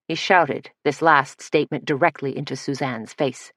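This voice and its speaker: A woman with a fairly low voice reads a mystery audiobook in a steady, measured voice. The recording is close and dry, with no room sound around her. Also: no room sound. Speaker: audiobook narrator. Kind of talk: scripted narration.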